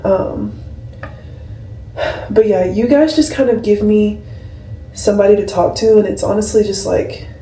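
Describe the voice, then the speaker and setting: A woman's voice: mid-range voice, measured pace, long pauses, mellow. A woman in her twenties, a nurse, chatting casually to a camera about her week, rambling and heartfelt, with lots of "like". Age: 20s. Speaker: labor and delivery nurse, vlogger. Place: home room, camera on a skincare shelf. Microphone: camera mic at a distance. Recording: roomy, slightly distant camera audio.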